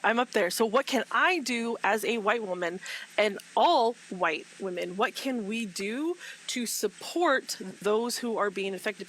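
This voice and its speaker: A woman's voice: fairly high pitch, fairly bright tone, poor audio. A woman speaking with passion in a casual group talk, repeating herself and laughing often. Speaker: guest speaker in a live fan discussion.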